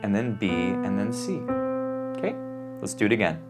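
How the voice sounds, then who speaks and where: A man's voice: fairly low pitch, normal speed. A man giving a piano lesson, calling out note names and fingerings as he plays, checking in with the student. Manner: calls out note names while playing, frequent "okay?" check-ins. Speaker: piano teacher. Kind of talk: piano lesson, demonstrating at the keyboard. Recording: loud piano playing under the voice.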